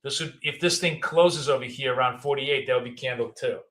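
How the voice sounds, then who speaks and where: Man, russian accent, 50s or older, bright clear tone, casual rambling live market talk. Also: medium pitch, fairly quick. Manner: casual, rambling, thinking aloud. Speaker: trading educator. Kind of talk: live trading commentary.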